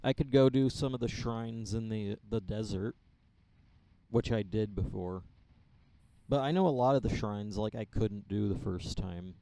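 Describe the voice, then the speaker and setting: A man chatting casually while streaming a game, offhand and relaxed. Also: on the low side, unhurried. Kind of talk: casual gaming stream chat.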